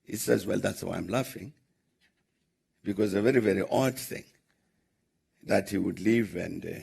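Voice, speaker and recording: An older man with a South African accent speaks in a low, gravelly and very husky voice. He tells his story at a measured pace, breaking it up with frequent "uh" pauses and acting out the lines of each conversation. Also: darkish tone. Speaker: former head of state answering questions. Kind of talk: anecdotal storytelling in a Q&A.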